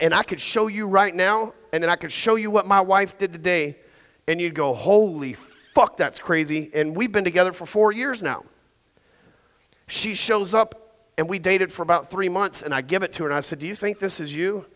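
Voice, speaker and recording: A man's voice: high-pitched, bright, forceful tone. Blunt, profane man on stage in a big hall. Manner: profane, blunt, audience-quizzing. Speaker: conference speaker. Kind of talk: motivational sales talk on stage. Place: large event hall. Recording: long hall reverb.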